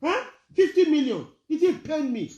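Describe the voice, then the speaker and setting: A woman's voice: high-pitched, big pitch swings, moderate pace, warm tone, reverberant, lo-fi sound. A Nigerian woman ranting indignantly in a vlog, firing rhetorical questions and slipping between Pidgin and plain English. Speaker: social media commentator. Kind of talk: angry vlog rant.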